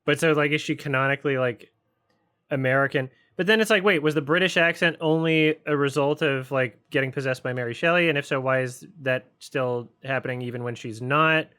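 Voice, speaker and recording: A man talks through a film as he watches it, snacking and musing aloud. His voice is bright and forceful when he asks his puzzled questions, then fades into quiet, mumbled asides. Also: medium pitch, brisk, clear, resonant tone. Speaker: film reviewer hosting a watch-along. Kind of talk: casual commentary while watching a film.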